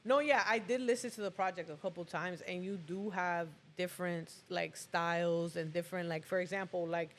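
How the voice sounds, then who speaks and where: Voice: mid-range voice, fairly even intonation, moderate pace, few pauses, fairly bright tone, a little hiss or hum. A podcast host asking questions in a casual interview, with lots of "like" and "you know what I'm saying".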